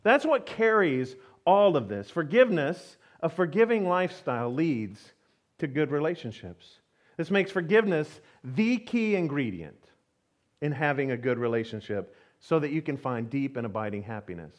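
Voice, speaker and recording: A man preaching a sermon, telling a personal story in a lively, self-mocking way with frequent laughter and acted-out quotes. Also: a little high, moderate pace. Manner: animated storytelling, acts out his own voice in quotes. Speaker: pastor.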